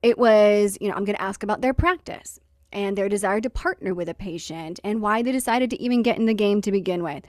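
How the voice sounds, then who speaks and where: A woman's voice: mid-range voice, fairly quick, dry recording. Woman host, chatty and wry, acts out the quotes, dry close mic. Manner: lively, wry storytelling with acted-out quotes and laughter. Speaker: podcast host. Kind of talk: casual storytelling chat.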